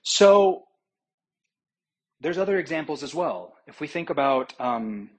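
Husky-voiced man preaching a sermon. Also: a little high, sing-song, measured pace, low-quality recording. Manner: storytelling, retelling scripture with acted quotes and fillers.

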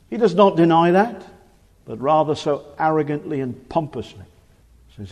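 A man in his forties preaching a fervent sermon in a church, swinging from emphatic declarations to hushed, grave warnings. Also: a little high, sing-song, moderate pace. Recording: reverberant church hall.

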